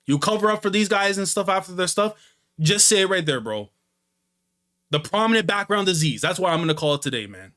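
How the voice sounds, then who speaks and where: A young man reacting to a manga chapter, excitable and slangy, jumping between loud outbursts and low mutters. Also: brisk. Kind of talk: animated reaction commentary.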